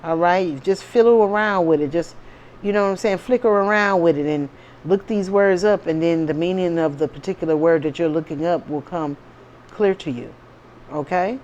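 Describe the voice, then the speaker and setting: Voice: medium pitch, normal speed, darkish tone, highs cut off, a little hiss or hum. A tarot reader talking casually to viewers in a spiritual vlog, often stopping to check in with the audience. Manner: chatty, keeps checking in with "okay?" and "you know what I'm saying?".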